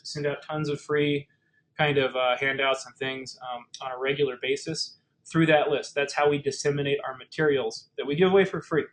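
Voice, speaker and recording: Man with a fairly high voice, presenting. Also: poor audio. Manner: conversational, many fillers and restarts. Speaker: webinar presenter. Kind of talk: casual explanatory webinar talk.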